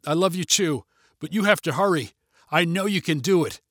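A worried father calls up to his daughter, firm and pressing despite the danger. A man voices him in a storybook reading. His voice sits a touch high and sounds dry and close. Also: animated, normal speed, a bit bright, dry recording. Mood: tender. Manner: urgent, insistent. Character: worried father, urgent but steady.

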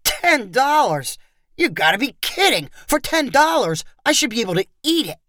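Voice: mid-range voice, lively intonation, normal speed, fairly bright tone, clean tone, no echo, clean studio sound, natural voice. A narrator voicing a brash, arrogant male American tourist who bargains harshly, in an audio short story reading.

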